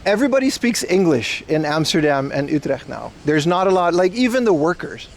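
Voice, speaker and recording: A man's voice: fairly high pitch, sing-song, brisk. Chatty Dutch man streaming outdoors. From Netherlands. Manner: rambling, loose, laughs often, talks to chat. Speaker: livestream host. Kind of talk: casual livestream chat while walking.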